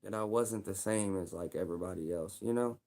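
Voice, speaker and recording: A man's voice: low-pitched, a little fast, gravelly, a little mellow. A young man with a Louisville, Kentucky accent, talking casually on his livestream in a rambling, repetitive way full of street slang.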